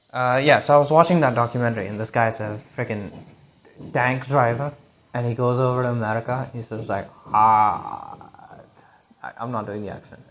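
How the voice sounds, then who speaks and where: A man talks alone on a podcast, thinking out loud. He drifts from thought to thought, cursing freely and stumbling into restarts as he goes. The tone is a loose, unscripted chat. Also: medium pitch, dull audio. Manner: rambling, profane, restarts often. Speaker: podcast host. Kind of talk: casual solo podcast monologue. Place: lives in India.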